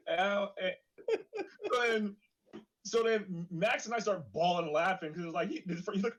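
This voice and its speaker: Husky guy on a podcast, animated storyteller, does the voices, laughs a lot, fairly high voice. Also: a little slow, rough recording. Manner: animated storyteller acting out quotes, laughing often. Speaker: podcast co-host, band member. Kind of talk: casual storytelling chat.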